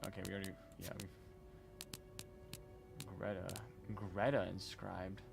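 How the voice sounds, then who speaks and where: A man's voice: low-pitched, completely flat delivery, a little slow, gravelly, long pauses, music in the background. A man commentating a game playthrough as a streamer, wry and joking, muttering asides to himself. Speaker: gaming streamer.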